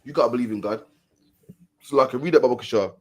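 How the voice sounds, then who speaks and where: A man's voice: medium pitch, quick pace. Preachy man who mocks and repeats himself. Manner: preachy, repeats "man" at line ends, mocking mimicry. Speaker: street preacher. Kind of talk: religious street commentary.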